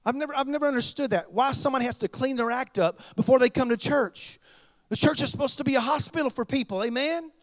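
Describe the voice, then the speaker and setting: A pastor preaching a sermon, chatty and joking with the congregation. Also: male voice, very high-pitched, fast, no room sound.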